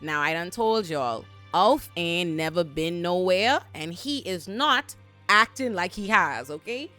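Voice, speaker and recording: A woman giving a casual, animated, slangy recap of a TV episode. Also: on the low side, a little slow, soft background music. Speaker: show recapper.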